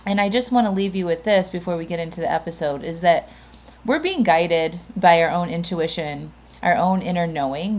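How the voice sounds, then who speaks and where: A woman's voice: on the low side, darkish tone. A woman hosting a podcast and coaching, talking in a chatty, conversational way with frequent "like" and "right?". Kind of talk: chatty podcast intro monologue.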